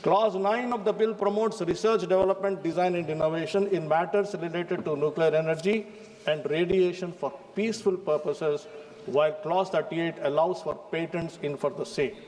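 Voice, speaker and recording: A man's voice: a little high, darkish tone, in a large hall, slight background noise. A man with an Indian English accent giving an emphatic parliamentary speech, repeatedly addressing the chair as sir. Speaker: member of parliament. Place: large debating chamber.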